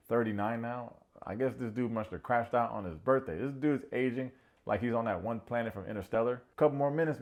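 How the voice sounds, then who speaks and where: A man hosting a comedic reality-show recap, snarky and animated, prone to ranting. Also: on the low side.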